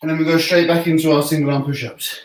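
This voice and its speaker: A man's voice: fairly high pitch, level tone, fast, recorded from a distance. A man leading a home workout class, chatty and joking, out of breath between sets. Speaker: fitness coach. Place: room at home. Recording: echoey room, voice from off-mic.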